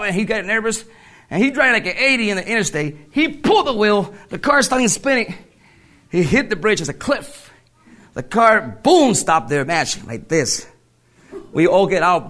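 A man giving a personal faith testimony, telling his story in halting English and laughing through it. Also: high-pitched, a bit bright. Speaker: testimony speaker.

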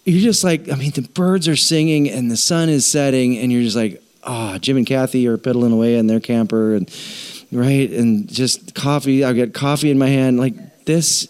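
A middle-aged man, the pastor, preaching a sermon in an animated, self-deprecating storytelling way. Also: medium pitch, a little fast, clear, resonant tone.

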